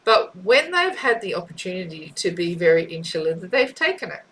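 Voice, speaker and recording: A woman's voice: lowish voice, big pitch swings, fairly quick, fairly bright tone, a little hiss or hum, rough recording. A woman giving a spiritual tarot reading, thinking aloud and often checking in with 'right?'. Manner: musing, repeats herself, asks 'right?'. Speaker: tarot reader.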